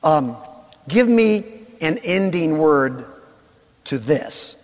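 A man preaching a sermon in a church, playful and animated, calling on the congregation to answer back. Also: high-pitched. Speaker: pastor. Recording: long reverb of a large hall.

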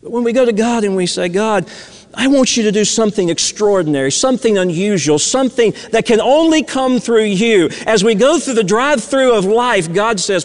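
A man preaching a sermon, telling a story and dropping to hushed tones for emphasis. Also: high-pitched, animated, brisk, big-room sound. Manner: storytelling, swings from loud emphasis to hushed near-whispers.

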